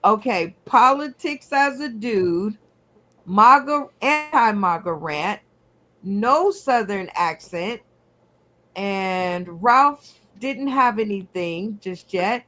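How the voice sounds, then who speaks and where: A woman hosting a comedy game show over a video call, playful and unhurried as she recaps everyone's picks. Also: medium pitch, lively intonation, sharp tone.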